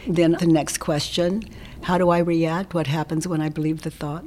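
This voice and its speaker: A woman guest in an interview, explaining her ideas in a gentle, reflective way that often drops into a soft whisper. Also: low-pitched, little pitch movement, normal speed, slight background noise. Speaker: interview guest, self-inquiry teacher.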